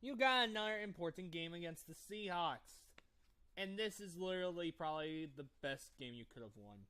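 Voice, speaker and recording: A man's voice: on the high side, brisk, sharp tone, clear, resonant tone. A man doing a gleeful voice-over about sports, gloating and sarcastic. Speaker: YouTube commentator.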